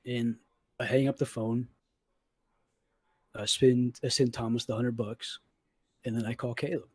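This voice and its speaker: Young man, podcast host, husky voice, dry close sound, swears a lot, quotes both sides of an argument. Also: mid-range voice, level tone, a little slow, dry recording. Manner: profane, retells arguments with quoted dialogue. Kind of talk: casual storytelling chat.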